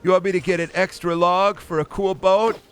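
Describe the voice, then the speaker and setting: A man putting on a high-pitched silly voice for a game character, sounding mock-amazed. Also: fairly even intonation, fairly quick, a little hiss or hum, close to an everyday voice.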